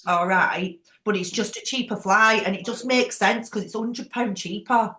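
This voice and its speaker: A woman leading a group call, chatty and frank, quick to laugh. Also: medium pitch, pushed and bright, reverberant. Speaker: team leader hosting a group call. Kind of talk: casual chat.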